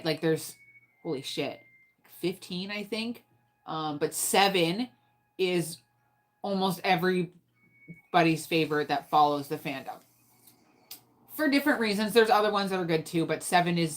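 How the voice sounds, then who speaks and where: A woman streamer in casual chat while she plays a game. She rambles, swears freely and mutters to herself. Her voice sits a little low for a woman. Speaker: gaming streamer.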